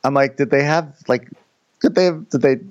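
Rambling man on a dull mic. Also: medium pitch. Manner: rambling, halting with many likes and restarts. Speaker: podcast co-host. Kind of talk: casual comedic recap chat.

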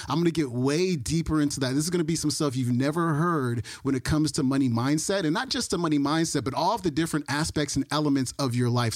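A man's voice: on the high side, dry recording, clean studio sound. A man hosting a podcast, giving a persuasive promotional monologue about money habits. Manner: coaching, persuasive. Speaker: podcast host.

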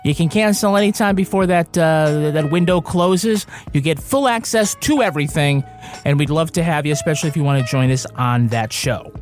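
A man co-hosting a podcast, reading announcements in a relaxed, hesitant way with many fillers. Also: fairly high pitch, a little fast, soft background music. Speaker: podcast co-host. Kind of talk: casual podcast chat and announcements.

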